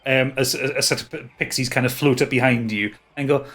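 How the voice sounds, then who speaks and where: A man narrating as game master, halting and restarting often. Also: mid-range voice, steady tone, a bit bright.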